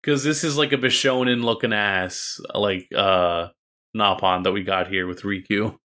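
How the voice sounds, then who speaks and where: A man's voice: lowish voice, a little slow, sharp tone. A man co-hosting a casual gaming podcast, bantering with crude jokes. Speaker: podcast co-host. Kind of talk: casual gaming news chat.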